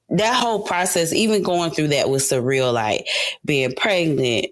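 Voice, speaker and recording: A young adult woman from South Carolina, a singer guest in a casual interview, telling stories in a lively way, acting out quoted voices and laughing often. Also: sits low, measured pace, no echo.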